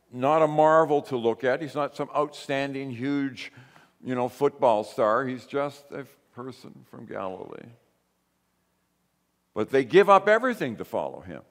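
A male pastor giving a conversational sermon in a church, mostly calm, rising to emphatic bursts. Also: mid-range voice. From grew up in a Pentecostal church. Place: church sanctuary. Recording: long hall reverb.

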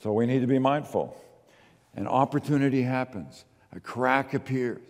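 A man preaching a sermon as pastor, moving between quiet asides and emphatic, slowed readings of scripture. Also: mid-range voice, long reverb tail.

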